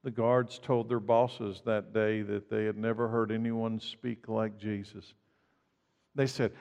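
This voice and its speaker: A man preaching a sermon as pastor, emphatic and swinging from loud declarations to hushed lines. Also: on the low side, level tone, a little slow, gravelly, big-room sound, muffled recording.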